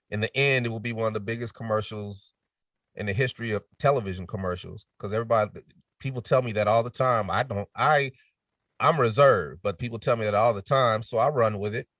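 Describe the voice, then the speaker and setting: Lively, low-voiced man telling stories. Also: no room sound, clean studio sound, recorded from a distance. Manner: animated storytelling with quoted voices, drops to a near whisper to demonstrate. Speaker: podcast guest. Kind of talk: casual chat.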